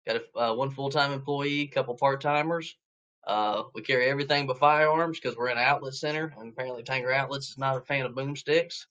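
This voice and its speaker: A man's voice: mid-range voice, a little fast, a bit bright, muffled recording. A man in his thirties from northeast Georgia with a Southern accent, a guest talking about his archery shop, easygoing and joking. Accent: Southern American. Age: 30s. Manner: easygoing, laid-back humor. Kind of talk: casual chat.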